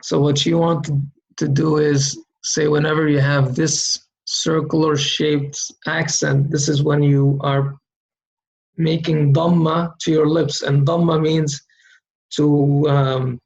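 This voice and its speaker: A man's voice: a little high, flat delivery, slow, vocal fry, darkish tone, low-quality recording. A man teaching how to read Arabic letters, patiently sounding out single syllables for the learner to repeat. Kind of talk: slow recorded lesson drilling syllables.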